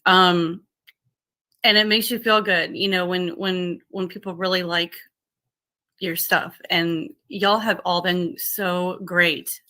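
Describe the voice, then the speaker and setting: A woman hosting a casual livestream, greeting viewers by name and thanking them over and over, with lots of fillers and restarts. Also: on the low side. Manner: halting, many fillers and restarts; repeats how excited and thankful she is. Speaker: livestream host.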